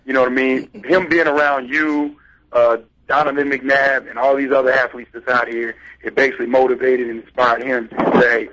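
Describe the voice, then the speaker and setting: A man's voice: mid-range voice, flat delivery, moderate pace, fairly bright tone, lo-fi sound. A man who played baseball in the infield, telling stories on a sports talk show and often saying "you know what I mean". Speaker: co-host, former baseball infielder.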